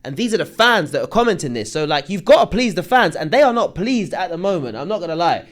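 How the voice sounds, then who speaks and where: A man's voice: high-pitched, sing-song, fast. A young man, casually commenting on online drama and reading viewer comments aloud with slangy asides. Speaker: commentary host.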